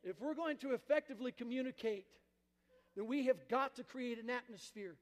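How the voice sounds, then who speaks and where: A man's voice: very high voice, brisk. A man preaching a sermon as pastor, emphatic, with call-and-response to the congregation. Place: church sanctuary. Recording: reverberant church hall.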